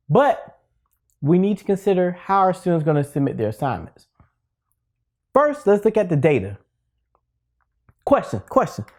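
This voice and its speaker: A man's voice: on the high side, a little mellow. A man hosting a casual video lesson for teachers, talking in a playful, conversational way full of asides. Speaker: teacher and education video host.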